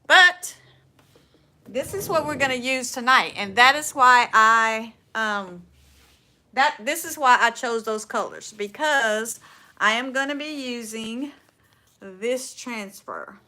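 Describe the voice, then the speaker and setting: A woman's voice: on the high side, lively intonation, slow pace, pushed and bright. A woman with a Southern US accent hosting a casual furniture upcycling livestream, folksy and chatty, often trailing off and restarting her sentences.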